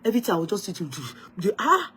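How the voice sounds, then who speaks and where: Woman, Nigerian accent, vlogger, dramatic casual storytelling, medium pitch. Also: racing, breathy edge. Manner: lively, dramatic retelling, switching into Yoruba phrases.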